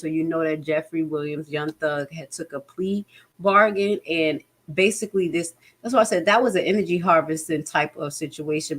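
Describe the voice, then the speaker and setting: A woman's voice: sits low, steady tone, moderate pace. A woman giving indignant, profane commentary and reading news aloud with her own asides. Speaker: political commentary vlogger. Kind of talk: casual ranting commentary.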